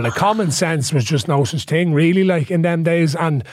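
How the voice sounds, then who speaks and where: Irish comedian telling stories, slightly high voice. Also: male voice, normal speed, hardly any pauses, dry recording, studio quality. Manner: animated, jokey, stammering restarts. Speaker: comedian and author guest. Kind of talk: casual storytelling chat.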